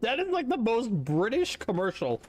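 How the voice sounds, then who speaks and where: A North American gaming streamer with a very high male voice thinks aloud and swears casually as he plays, his pitch swooping wildly at a moderate pace. There's a little hiss or hum in the background of this casual gameplay commentary.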